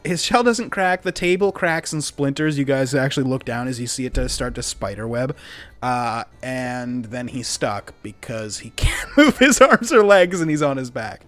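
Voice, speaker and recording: A man's voice: medium pitch, expressive, normal speed, dry recording, faint music behind. A man narrating as game master in a laid-back way with many fillers.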